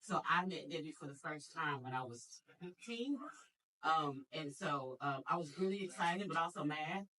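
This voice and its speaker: A woman from Dallas, Texas, giving a personal eulogy and telling a story about her family, her voice jumping high whenever she acts out what people said. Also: moderate pace, distant mic, low-quality recording. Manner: animated storytelling, jumps high to act out quoted speech. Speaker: eulogy speaker. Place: memorial service hall.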